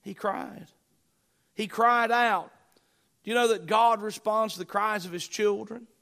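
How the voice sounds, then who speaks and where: A middle-aged male pastor delivering a sermon in a fairly high voice. He preaches with emphatic, rising bursts and drops into quiet asides to the congregation. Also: steady tone, unhurried, gravelly.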